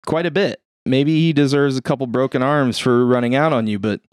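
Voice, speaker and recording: A man's voice: medium pitch, fairly quick, no room sound, clean studio sound, natural voice. A man doing a wry bartender.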